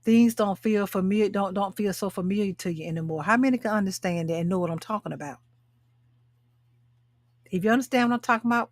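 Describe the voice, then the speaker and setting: A woman's voice: medium pitch, fast talker, no echo. A woman in her sixties who hosts a live talk show and coaches other women. She speaks emphatically, repeating her phrases and calling out to her viewers. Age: 60s. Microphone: webcam or phone mic, live stream.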